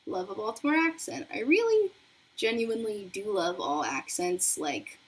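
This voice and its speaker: A chatty young woman hosts a beauty livestream, reading comments aloud while doing her makeup. Her voice is slightly husky and jumps around a lot in pitch, and she sounds bubbly and easily distracted. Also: big pitch swings, moderate pace. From not from New York.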